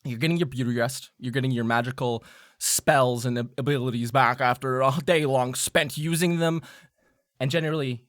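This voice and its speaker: A man's voice: mid-range voice, steady tone, moderate pace, a bit bright, no room sound, clean studio sound. A man running a tabletop game as game master, narrating scenes in a loose, rambling way with small fillers.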